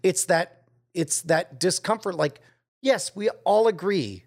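A man with a slightly high voice, talking in a casual conversation. He sounds reflective and works through his ideas aloud, pausing on fillers as he goes. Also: lively intonation.

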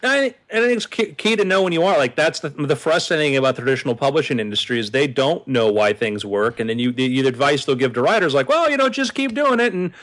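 A man's voice: medium pitch, quick pace, hardly any pauses, fairly bright tone. A man hosting a podcast, chatting casually with a wry, sarcastic edge. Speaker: podcast host. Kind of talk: casual chat.

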